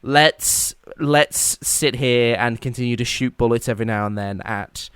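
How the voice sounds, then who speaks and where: A man's voice: mid-range voice, a little slow, fairly bright tone, clean tone, no room sound. A man co-hosting a podcast, telling history as a casual comedic story and acting out silly voices for the people in it. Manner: jokey storytelling, acts out silly quoted voices. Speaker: podcast co-host.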